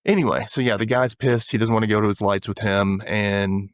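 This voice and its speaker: A man's voice: lowish voice, fairly quick, clean tone, dry recording, studio quality. A man hosting a podcast, recapping a TV episode in casual chat and acting out the characters' lines. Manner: animated retelling, acts out characters' lines. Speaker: podcast host.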